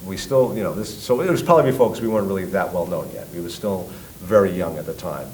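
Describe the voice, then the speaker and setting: Man, New York accent, middle-aged, fairly low voice, animated storyteller, swears, faint rumble behind. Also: fast, low-quality recording. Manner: lively, acts out quotes loudly, swears. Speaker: guest, tribute band singer.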